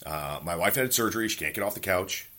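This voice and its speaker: A man's voice: sits low, fast. A man in his forties hosting a podcast, talking in a casual, profane, ranting monologue and telling stories from home. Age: 40s. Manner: profane, ranting, animated storytelling. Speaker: podcast host.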